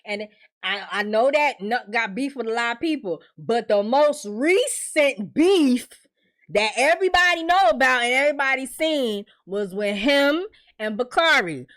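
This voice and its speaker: A woman's voice: sits high, lively intonation, a little slow, fairly bright tone. A woman giving a casual, profane TV recap in a chatty style, with laughing asides. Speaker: TV recap reviewer.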